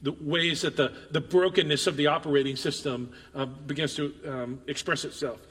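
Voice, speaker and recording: A high-voiced man delivers a lively sermon, reading scripture aloud and leaping into its lines with emphatic, animated voices. His tone is bright and ringing. The sound carries the long reverb of a big hall. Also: normal speed. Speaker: preacher.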